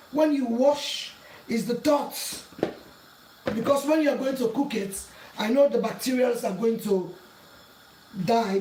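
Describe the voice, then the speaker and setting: A woman with a higher-pitched voice hosts a cooking channel tutorial from her home kitchen, working while she earnestly pleads and warns again and again. Clattering pots, a distant mic, and echo add to the noisy background.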